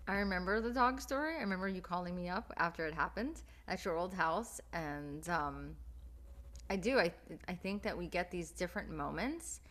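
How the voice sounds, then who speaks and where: A woman's voice: on the low side, lively intonation, normal speed. Encouraging woman podcast host. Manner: warm-hearted and encouraging, talks straight to listeners. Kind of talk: casual podcast chat.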